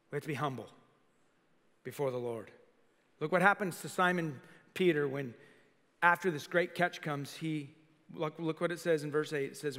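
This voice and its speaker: A male senior pastor preaching a lively sermon to a congregation, acting out quoted voices and putting questions to the crowd. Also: on the high side. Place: church sanctuary. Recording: live sermon in a reverberant church hall.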